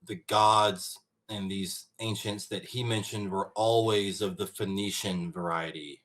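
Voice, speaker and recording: A man's voice: fairly low pitch, fairly even intonation, unhurried, fairly bright tone. A man co-hosting a casual podcast, explaining things in an easygoing way with plenty of fillers. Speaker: podcast co-host.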